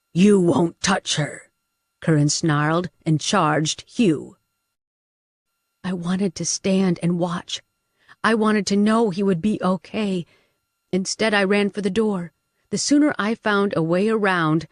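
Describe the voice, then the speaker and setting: A woman reading a first-person action novel aloud as an audiobook narrator, dramatic and lively in the fight scenes. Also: no room sound, clean studio sound. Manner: dramatic, pushes character shouts high and loud.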